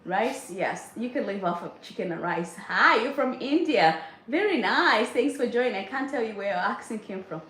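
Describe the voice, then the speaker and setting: A middle-aged woman, a mother of a large family, hosts a casual livestream from her home kitchen, cooking while she chats with viewers and reads their comments aloud, laughing often. Her voice is fairly high and a bit bright, animated, at a moderate pace with few pauses. The kitchen sounds echoey, with faint background noise.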